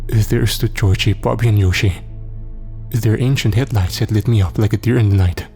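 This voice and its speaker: Deep, mellow male horror narrator. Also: steady tone, normal speed, faint music behind. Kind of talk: scripted first-person horror narration.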